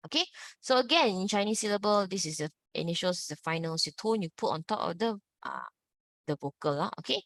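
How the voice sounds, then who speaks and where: A woman leads an online Mandarin lesson and sings each tone in big exaggerated swoops for her students to copy. Her voice sits fairly low, and the recording is dry and close, as over a video call. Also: sing-song, fairly quick, fairly bright tone, no echo. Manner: demonstrates tones in exaggerated swoops, repeat-after-me drills. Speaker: Mandarin teacher.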